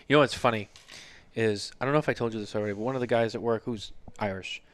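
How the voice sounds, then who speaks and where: A man in his thirties hosts a casual podcast, talking fast in a fairly low voice. He tells rambling stories and swears freely throughout the chat.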